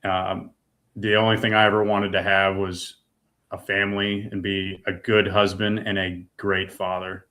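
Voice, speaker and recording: A middle-aged man with a fairly low voice tells his own story as a podcast guest. He speaks earnestly and with deep feeling, dropping casual asides like "dude" and "man". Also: little pitch movement, unhurried, sharp tone. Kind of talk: personal testimony in a podcast interview.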